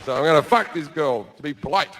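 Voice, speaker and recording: A man doing crude, deadpan stand-up storytelling on stage with a handheld mic. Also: on the high side, quick pace, noisy background. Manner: crude, deadpan storytelling with sudden loud bursts. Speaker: stand-up comedian. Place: stage before a live audience.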